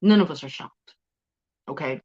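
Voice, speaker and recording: A woman's voice: sits low, moderate pace, a little mellow, breathy edge, dull audio. A woman hosting a casual celebrity news livestream, chatty, laughing often and cursing freely.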